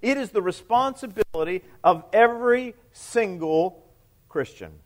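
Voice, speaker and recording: A male priest preaches a little slowly but with animation, keeping a conversational tone. He asks his congregation questions, and his voice falls quiet and low at the close of quoted lines.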